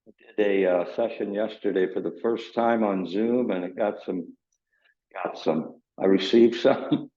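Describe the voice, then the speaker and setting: A man hosting his own channel in a casual, rambling vlog talk, still in his morning voice and clearing his throat. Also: lowish voice, unhurried, mellow. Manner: rambling, loosely explaining. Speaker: channel host. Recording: roomy, dull lo-fi sound.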